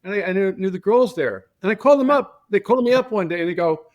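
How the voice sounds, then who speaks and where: An older man tells a story as a podcast guest, lively and animated as he slips into the voices of the people in it. His voice sits a little higher than most men's. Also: fast talker, hardly any pauses. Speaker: guest, transportation company founder. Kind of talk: casual storytelling.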